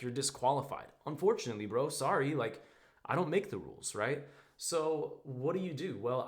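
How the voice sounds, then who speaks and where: A man coaching other men on dating in a blunt, slangy monologue. He swears casually, keeps tossing in "bro" and "right?", and acts out text exchanges in quick quoted voices. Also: medium pitch. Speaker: dating and social-circle coach. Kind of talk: direct-to-camera advice monologue.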